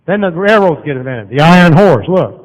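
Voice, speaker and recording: A man, preaching a sermon as a guest speaker in a church auditorium, folksy and lively as he walks the room. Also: a little high, fairly quick. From Southern United States. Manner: folksy, lively, walking and pointing across the room. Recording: dull, long-reverb hall recording.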